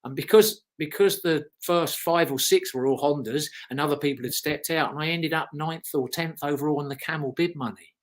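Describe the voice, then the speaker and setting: A man's voice: fairly high pitch, brisk, hardly any pauses. A British man in his fifties, a former motocross racer, giving a casual interview full of rambling anecdotes. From Britain.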